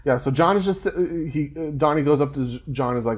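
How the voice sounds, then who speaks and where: A man's voice: mid-range voice, quick pace. A man co-hosting a podcast, casually recapping a film plot with lots of fillers and restarts. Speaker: podcast co-host.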